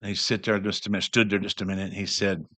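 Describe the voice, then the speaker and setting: A man's voice: on the low side, flat delivery, very fast, pushed and bright, dry recording. Man telling a rambling testimony. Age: older. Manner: rambling storyteller, many restarts and fillers. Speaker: church member giving testimony. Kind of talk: personal testimony.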